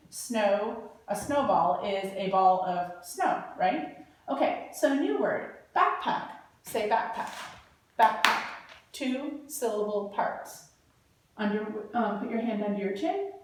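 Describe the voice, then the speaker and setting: A woman teaching young children to read, speaking slowly and patiently as she sounds out parts of words. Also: a little high, far from the mic, slight background noise. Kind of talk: early reading lesson for children. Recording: echoey room, voice from afar.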